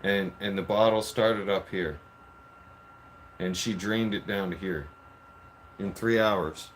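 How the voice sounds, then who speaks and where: A man's voice: deep voice, steady tone, slow pace, slight background noise. A man telling a story in a casual, profane rant, full of repeated "I'm like.". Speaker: vlogger.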